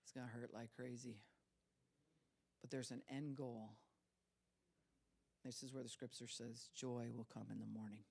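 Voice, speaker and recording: A woman's voice: very deep voice, fairly even intonation, unhurried, gravelly, pauses often, a little mellow, breathy edge. Storytelling woman pastor in her sixties. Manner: storytelling, laughs often, acts out quoted voices. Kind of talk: sermon.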